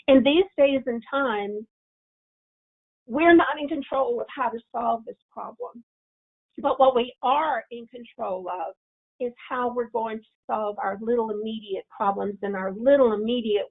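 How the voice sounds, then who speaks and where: Gravelly woman on a tinny line. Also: a little high. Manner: acts out angry self-talk, then coaches calmly. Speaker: webinar presenter. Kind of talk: webinar presentation. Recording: tinny phone-line audio.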